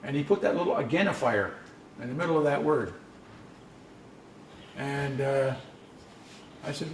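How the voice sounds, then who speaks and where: Leading a language workshop, a male instructor with a mid-range voice speaks a little slowly and pauses often. His explanation is conversational and story-like, with frequent restarts. He is in an echoey conference session room, picked up by a distant mic with faint noise.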